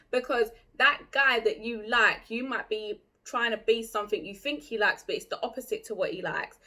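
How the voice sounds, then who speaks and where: A woman's voice: fairly high pitch, a bit bright. A young woman vlogging in a blunt, chatty, opinionated way, full of "like". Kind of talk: casual chat to camera.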